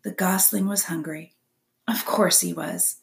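A woman narrating a children's novel aloud with expressive storytelling. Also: lowish voice, unhurried, gravelly.

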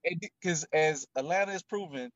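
A man's voice: a little high, moderate pace, fairly bright tone, dry recording. A man co-hosting a podcast in casual, laid-back chat with rambling asides. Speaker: podcast co-host. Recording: dull dry lo-fi mic.

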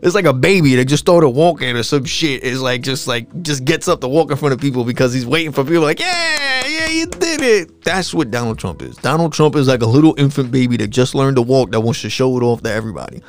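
A man hosting a solo podcast, ranting in a casual, profane, animated way and mocking people with put-on voices. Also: mid-range voice, fast talker, hardly any pauses, faint music behind. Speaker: podcast host.

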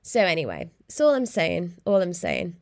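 A young woman hosting a solo podcast, chatting in an animated way and laughing often, talking from a small room. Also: fairly low pitch, moderate pace, no room sound, studio quality. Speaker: podcast host. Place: small room in hospital accommodation.

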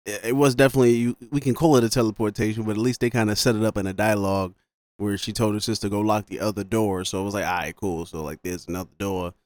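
A man's voice: on the low side, steady tone, rapid-fire, darkish tone, no echo. A man co-hosting a movie podcast, chatting casually in slang and laughing often. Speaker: podcast co-host. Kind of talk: casual movie recap chat.

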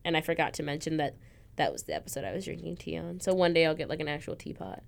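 A woman hosts a casual podcast chat, her voice sitting low and smooth. She talks with easy enthusiasm and laughs often, with a slight huskiness she blames on coffee. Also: very animated, fast. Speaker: podcast host.

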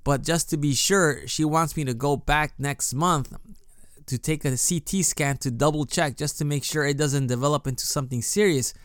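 A man's voice: on the high side, moderate pace, clean tone, dry recording, clean studio sound. A man hosting a casual solo podcast, telling a story in a chatty way with restarts and "you know" fillers. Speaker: podcast host. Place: lives in Japan.

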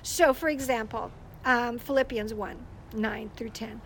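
An older woman and grandmother giving a casual teaching talk about praying with children, telling stories in an animated way and laughing often. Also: a little high, measured pace, vocal fry, a little hiss or hum, poor audio. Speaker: Christian speaker.

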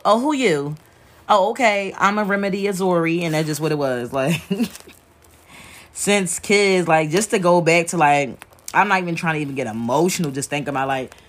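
A grieving woman talking frankly and emotionally to camera while sewing with needle and thread, rambling and swearing freely. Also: deep voice. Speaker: wig maker working while talking. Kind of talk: candid talk to camera while working.

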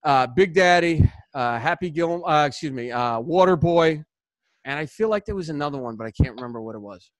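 A man hosting a sports podcast, chatting casually in an animated, rambling way full of restarts. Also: a little high, a little fast, no echo. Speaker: podcast host.

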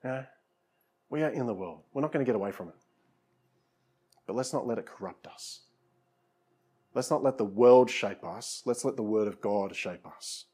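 A man's voice: mid-range voice, lively intonation, moderate pace, pauses often, warm tone, husky. A man preaching a conversational sermon as pastor, often saying "you know" and repeating words, then leading a prayer.

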